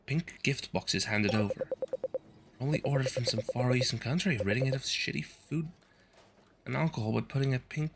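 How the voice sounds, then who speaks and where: A man's voice: mid-range voice, moderate pace, fairly bright tone, a little hiss or hum. A male streamer reading a video game's story text aloud and adding wry, sardonic asides.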